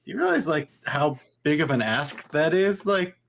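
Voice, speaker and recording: A man on a podcast with a slightly high voice who cuts in with dry, wry remarks. A faint hiss and some clicks sit under his voice. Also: sing-song, normal speed, vocal fry, a bit bright. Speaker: podcast co-host. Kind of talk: casual chat. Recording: faint background noise.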